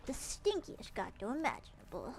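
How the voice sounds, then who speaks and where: A woman's voice: on the high side, huge pitch swings, moderate pace, vocal fry, background noise. A woman streamer chatting playfully while gaming, repeating phrases with exaggerated emphasis. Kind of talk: casual game livestream chatter.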